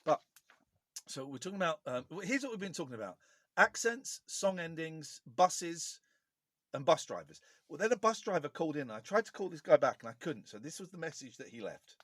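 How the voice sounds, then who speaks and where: A male radio host rambling through jokey, self-mocking banter in the studio. His voice sits a little higher than most men's. Casual and loose. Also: sing-song, brisk, fairly bright tone, slightly rough, dry recording.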